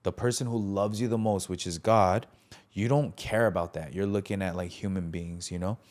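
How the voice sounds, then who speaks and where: A man's voice: low voice, moderate pace. A man, a preacher, telling his story in a casual interview, earnest and reflective, bringing past conversations to life as he speaks. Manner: animated retelling, acts out quoted dialogue. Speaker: preacher and podcast guest.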